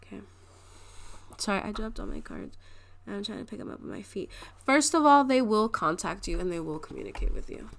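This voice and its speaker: A woman's voice: medium pitch, very animated, brisk, creaky. A young adult woman giving a casual pick-a-card tarot reading, chatty and rambling, often restarting her sentences and laughing. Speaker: tarot reader.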